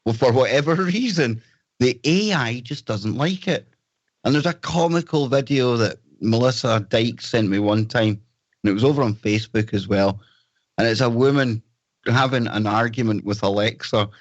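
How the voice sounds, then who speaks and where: A man's voice: mid-range voice, moderate pace, no room sound, muffled recording. A man from the north of Scotland with a Scottish accent, hosting a podcast in a joking, rambling chat. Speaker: host.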